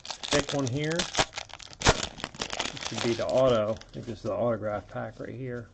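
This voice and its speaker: Guy opening card packs and calling out pulls, kinda gravelly, bit under the weather, faint hiss in the background. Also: medium pitch, measured pace. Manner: running play-by-play of pulls, chatty asides. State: feeling unwell. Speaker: card break host. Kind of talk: casual card-opening commentary.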